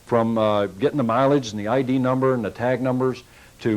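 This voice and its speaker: A man with a folksy, coaching way of talking leads a sales training session, speaking at an ordinary middle pitch. He walks his audience through techniques and slips into short acted-out exchanges with customers. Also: fast talker, a little mellow, low-quality recording.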